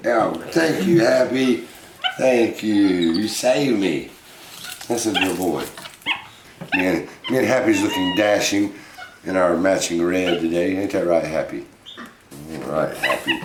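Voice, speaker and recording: A man with a very low voice chats playfully and coaxingly to his pet monkey in a casual home vlog. The room is echoey, and steady noise runs underneath. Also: a little slow. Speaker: pet vlogger.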